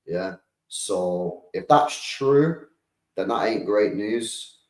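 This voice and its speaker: A young man with a British accent and a lowish voice reacts to football news on a live stream. He talks to his chat in a loose, slangy, animated way. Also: very slow, low-quality recording. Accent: British English. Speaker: streamer host.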